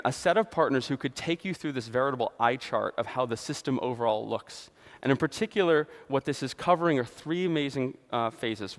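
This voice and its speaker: A man giving a conference presentation on stage, speaking fluently with frequent fillers and restarts. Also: mid-range voice. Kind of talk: conference keynote talk. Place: large conference hall. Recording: long hall reverb.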